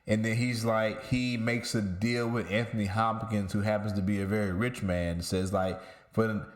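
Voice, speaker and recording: A man with a fairly low voice hosts a casual podcast among friends. He tells stories in a loose, rambling way, swears freely and restarts his sentences as he goes. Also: steady tone, normal speed. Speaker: podcast host. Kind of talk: casual chat.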